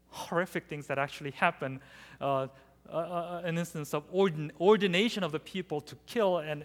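A man with a high, bright voice delivers a sermon, lively and dramatic as he acts out the passages he quotes. His words ring through a big hall with a long reverb trailing behind them. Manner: animated, acts out scripture quotes. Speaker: preacher.

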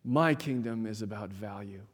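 A man preaching a sermon in a measured, emphatic way, with dramatic pauses, in a large church hall. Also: lowish voice. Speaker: pastor. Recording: long hall reverb.

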